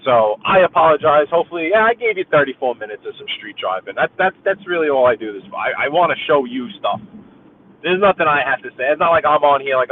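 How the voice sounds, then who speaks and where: Quick-paced with lively intonation and a voice on the high side, a Brooklyn man with a New York accent rambles chattily to live-stream viewers while driving. The tinny, phone-like audio from inside the car carries a little hiss or hum.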